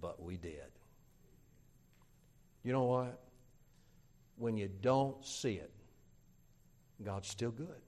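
A middle-aged man, a pastor, telling a story in a sermon and acting out the people he quotes with lively voice changes. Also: lowish voice, extremely slow, pauses often.

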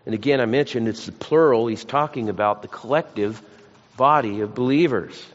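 In a lo-fi recording from a church hall, a male pastor weaves scripture together with homely, self-mocking anecdotes. He speaks at a moderate pace in a mid-range voice.

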